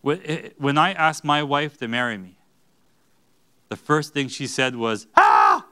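A man's voice: on the high side, a little slow, bright, forceful tone, clean tone. A man preaching an earnest sermon in a church, rising to emphatic bursts. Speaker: pastor.

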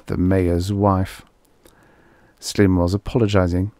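A man's voice: low voice, flat delivery, slow pace, a little mellow, no room sound. A man narrating a vintage story aloud in a wry first-person telling. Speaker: audiobook narrator. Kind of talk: scripted narration.

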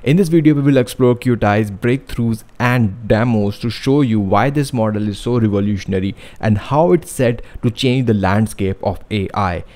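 A man hosting a tech video in a hyped, promotional read. His voice is low and mellow. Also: normal speed, few pauses. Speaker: host. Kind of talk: scripted narration.

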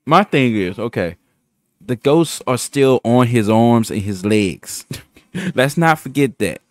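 A man's voice: medium pitch, slow, no room sound. A man giving casual, slangy reaction commentary as host of a reaction channel. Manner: excitable, slangy.

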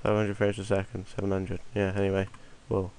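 A man's voice: deep voice, monotone, fairly quick, darkish tone, smooth. A young man, rambling offhandedly through a screen-recorded game tutorial while fighting a cold. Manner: offhand, rambling, mutters to himself. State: has a cold. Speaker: tutorial maker.

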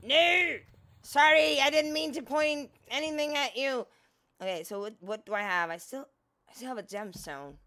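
A woman's voice: high-pitched, normal speed, fairly bright tone. A woman giving casual, chatty gameplay commentary, talking to the on-screen character and swearing freely. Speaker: gaming streamer.

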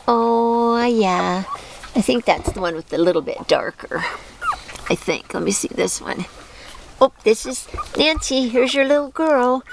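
A woman's voice: on the high side, expressive, measured pace, gravelly, a little hiss or hum. A woman narrating a casual home video, filmed with a handheld camera, talking doting baby talk to puppies. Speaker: dog owner filming her litter.

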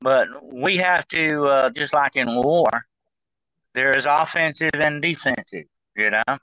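A man's voice: on the high side, measured pace, sharp tone, no room sound, muffled recording. A man talking as a guest on a call-in style show, rambling, with many fillers and restarts. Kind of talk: casual talk-show discussion.

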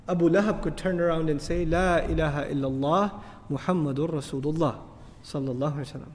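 A man giving an animated lecture on the Quran, swinging between emphatic peaks and soft asides and chanting Arabic verses in quick bursts. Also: on the high side, long reverb tail. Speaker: Islamic lecturer.

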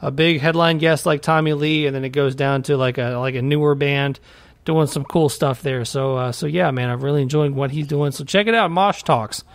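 A laid-back male podcast co-host chatting casually, with a fairly high voice. The recording is dry and close, with no room sound. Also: fairly quick, creaky, no echo. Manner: laid-back, says man a lot. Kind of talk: casual chat.

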